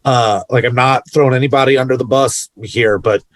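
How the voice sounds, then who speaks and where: Male podcast co-host, mid-range voice, relaxed and opinionated, dry close mic. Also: medium pitch, brisk, dry recording. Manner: opinionated, laid-back, loose asides. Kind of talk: casual chat.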